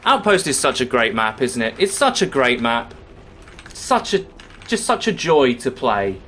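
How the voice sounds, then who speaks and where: A young man talks over his own gameplay, sarcastic and quick to swear whenever things go wrong. His voice swings widely up and down in pitch, and a faint hiss sits under the recording. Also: sing-song, a bit bright. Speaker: gaming YouTuber. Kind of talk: live gameplay commentary. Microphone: webcam-recorded gaming setup.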